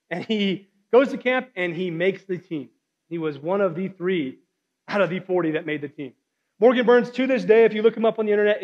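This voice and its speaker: Young man, guest speaker, high-pitched voice, earnest storytelling, long church hall reverb, dull sound. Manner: earnest storytelling, frequent "like" fillers. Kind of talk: sermon testimony.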